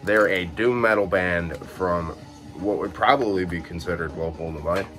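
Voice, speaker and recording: A young man with a very low voice talks casually through his collection, full of fillers and quick self-corrections. He sounds relaxed, having only just woken up. Some faint music plays in the background. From Illinois, USA. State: just woke up. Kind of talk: casual chat.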